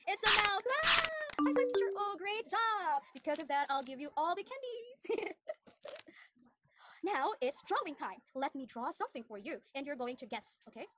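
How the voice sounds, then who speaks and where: A woman teaching an online English demo lesson to a young child, with exaggerated cheerful praise and slow, simple teacher-talk. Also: high-pitched, very noisy.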